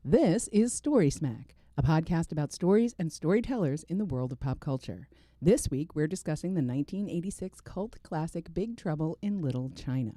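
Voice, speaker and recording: A woman co-hosting a casual podcast chat, easygoing and quick to laugh, reading out the show intro and figures. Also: low-pitched, lively intonation, dark tone, no room sound, clean studio sound. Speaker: podcast co-host. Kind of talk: casual live-stream chat.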